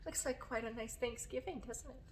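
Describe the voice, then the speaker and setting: A woman librarian leading a children's story time, gently coaxing the kids with questions as she reads a picture book. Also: a little high, a little fast.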